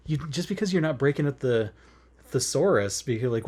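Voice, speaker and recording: A man's voice: mid-range voice, animated, moderate pace, darkish tone, husky. A man chatting casually while stitching in bed, rambling and earnest, with lots of fillers and frequent laughs. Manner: rambling and earnest, with many fillers and self-corrections; laughs often while talking. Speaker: cross-stitch vlogger. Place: in bed at home.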